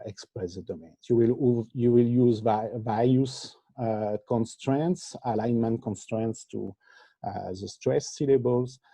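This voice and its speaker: A man presenting an academic lecture over a video call, halting often with filler sounds. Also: lowish voice, creaky, warm tone, slightly rough, dry recording. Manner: hesitant, frequent filler sounds. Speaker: conference presenter.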